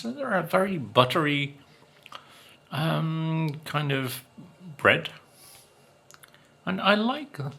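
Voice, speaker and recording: A man from Britain tasting cakes on his food vlog, talking slowly and musing, humming as he savors each bite. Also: on the high side, creaky, bright, forceful tone. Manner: slow, musing, savoring with hums between bites. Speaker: food vlogger.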